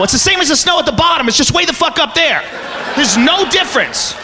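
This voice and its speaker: Profane, high-voiced ranting comedian. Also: male voice, background noise. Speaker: stand-up comedian. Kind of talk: stand-up comedy. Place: comedy venue with live audience. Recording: reverberant venue with audience.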